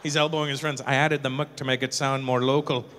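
A male stand-up comedian doing crowd work live on stage, teasing audience members with profane, quick banter. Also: medium pitch, level tone, a bit bright, slight background noise.

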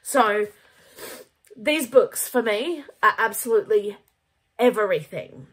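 A woman reviewing a book in a casual vlog, gushing and animated, with casual swearing. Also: medium pitch, slow pace, breathy edge. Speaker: book vlogger.

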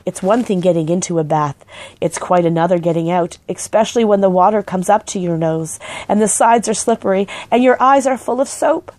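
A woman gently and expressively reading a children's book aloud. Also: medium pitch, brisk, no room sound. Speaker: storybook reader.

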